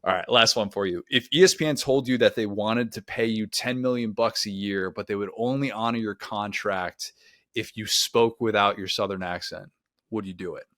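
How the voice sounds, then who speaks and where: 30s guy from chicago suburbs hosting a sports pod, lowish voice, chill, dry mic. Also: normal speed, fairly bright tone, no room sound. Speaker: podcast host. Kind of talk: casual podcast interview.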